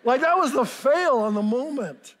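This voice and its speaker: A man in his fifties preaching a sermon, telling a family story in an animated, self-mocking way. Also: extremely high pitch, normal speed. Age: 50s. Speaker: pastor.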